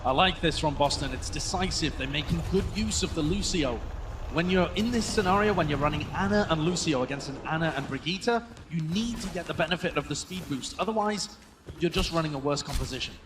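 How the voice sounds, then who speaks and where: Analytical esports color commentator. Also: male voice, a little high, background noise. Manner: analytical, measured opinions.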